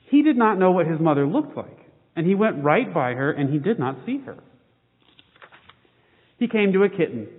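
A man's voice: normal speed, pauses often. A man giving a children's sermon, reading a picture book aloud before turning to the day's scripture. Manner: animated read-aloud. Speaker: pastor. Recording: phone-like boomy hall sound.

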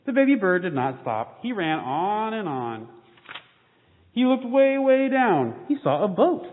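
A man giving a children's sermon, reading a picture book aloud before turning to the day's scripture. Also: moderate pace. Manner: animated read-aloud. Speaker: pastor. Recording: phone-like boomy hall sound.

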